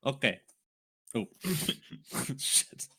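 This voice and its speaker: A man's voice: mid-range voice, sing-song, drawn-out words, husky. A man playing a tabletop game, joking and swearing freely between in-character lines. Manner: laughing, swears freely, bright and forceful. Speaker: player. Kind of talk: casual tabletop play.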